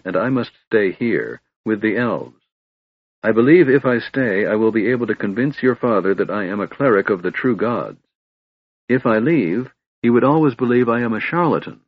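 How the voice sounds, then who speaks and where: A man voicing a wise older cleric who speaks gently but firmly, in a fatherly way, read from an audiobook. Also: fairly low pitch, animated, moderate pace, slightly rough, dry recording. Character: wise older male cleric, calm and firm. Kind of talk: audiobook reading. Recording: dull dry recording.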